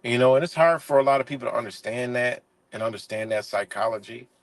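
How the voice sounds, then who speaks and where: A man's voice: mid-range voice, quick pace, no room sound, poor audio. A man hosting a live stream, ranting heatedly and profanely, with a lot of "you know" between points. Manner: says "you know" often. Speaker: livestream host. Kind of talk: casual live-stream commentary rant.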